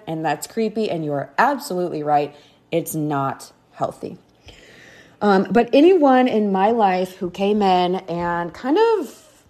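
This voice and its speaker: A woman's voice: on the low side, a little mellow. Woman chatting thru her own story on her podcast, lots of likes and you knows. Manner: casual, chatty, many fillers like "like" and "you know". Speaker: podcast host. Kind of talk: personal storytelling monologue.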